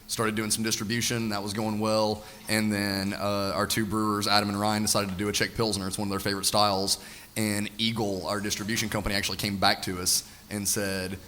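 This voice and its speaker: A man's voice: lowish voice, fairly bright tone, slight background noise. A man working at a brewery, telling matter-of-factly how a beer took off. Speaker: brewery bartender guest. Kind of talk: casual interview chat.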